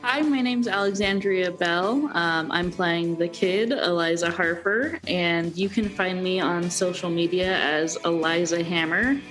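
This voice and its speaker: A woman's voice: fairly low pitch, measured pace, few pauses, a bit bright, faint music behind. A woman player introducing herself in a casual, playful way.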